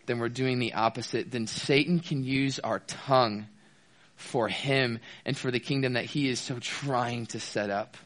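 A young adult man preaching a sermon, telling a personal story with animated quoted dialogue. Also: medium pitch.

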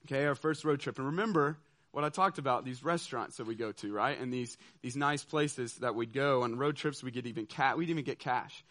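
A man telling a personal story to an audience, animated and laughing, often checking in with listeners. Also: a little high. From southeastern United States. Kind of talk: storytelling talk.

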